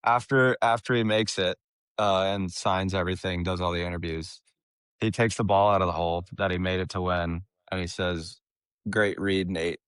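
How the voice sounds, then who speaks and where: A young man, a caddie, telling a story as a guest in a casual podcast interview, animated and laughing often, restarting his phrases. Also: low-pitched, moderate pace, clear, resonant tone, no room sound, studio quality. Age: young adult.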